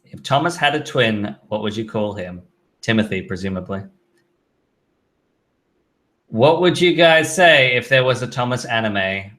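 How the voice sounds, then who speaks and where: A man's voice: mid-range voice, lively intonation, measured pace, long pauses, fairly bright tone. A man hosting a casual live stream, reading viewer questions aloud and answering them in an offhand, chatty way. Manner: reads out chat questions then answers offhandedly, with fillers.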